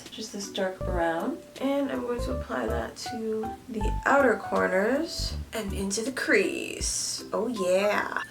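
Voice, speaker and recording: A young woman chatting playfully to viewers while doing her makeup on camera. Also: medium pitch. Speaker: beauty vlogger. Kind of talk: casual makeup tutorial chat.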